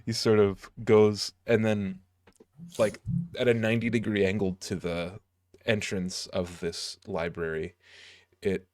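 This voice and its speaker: A man's voice: lowish voice, dry recording, studio quality. A man narrating a tabletop game as game master, casual and hesitant with many fillers.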